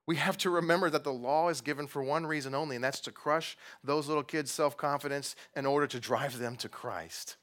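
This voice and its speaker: Young man, pastor, conversational sermon, self-deprecating, asks the congregation questions, slightly high voice. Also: fairly quick, hardly any pauses, fairly bright tone. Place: church.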